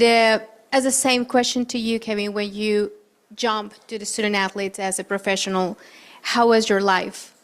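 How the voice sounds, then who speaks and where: A woman moderating a panel, asking questions in a halting way while searching for words. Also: mid-range voice, smooth.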